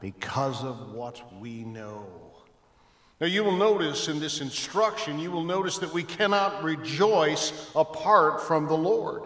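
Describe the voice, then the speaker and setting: A man's voice: on the high side, expressive, unhurried, creaky, fairly bright tone. A man preaching a sermon as pastor, emphatic with dramatic rises and drops in his voice. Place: church sanctuary. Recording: echoey church hall.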